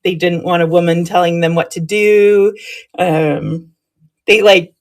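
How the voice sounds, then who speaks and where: A woman's voice: lowish voice, little pitch movement, unhurried. A woman chatting with her live viewers, telling stories and laughing often. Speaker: live streamer. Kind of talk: casual chat with live viewers.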